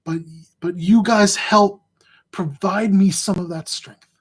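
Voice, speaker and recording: A man who analyzes fantasy sports, talking straight to his viewers in a rambling, halting way, emotional and in physical pain. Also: sits high, fairly even intonation, slightly rough. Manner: rambling, halting, repeats words. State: emotional, near tears. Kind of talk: heartfelt casual address to viewers.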